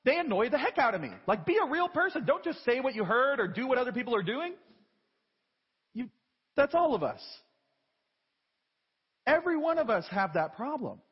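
A male preacher in his thirties with a high, lively voice that has a husky edge, delivering a conversational, self-deprecating sermon. His voice carries a long reverb from a large church. The live broadcast sound is dull and muffled. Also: moderate pace, long pauses.

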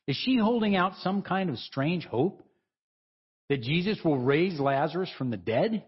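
A preacher gives a casual, chatty sermon in a husky voice that rises and falls with lively inflection, a little high in pitch and a little slow. He drifts into loose asides and chuckles between points. The recording is dull and lo-fi.

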